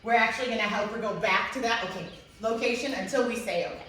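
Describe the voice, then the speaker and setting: A woman dog trainer who explains calmly and switches to high, excited praise for the dog. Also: fast. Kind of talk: instructional video with live dog training. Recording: echoey room, distant mic, faint noise.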